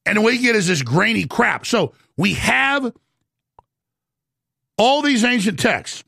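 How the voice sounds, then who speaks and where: A man delivering a heated, excited rant as a show host, often stumbling and repeating words as he builds up steam. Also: high voice, takes it slowly, creaky, husky, no echo, clean studio sound. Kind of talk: heated ranting monologue.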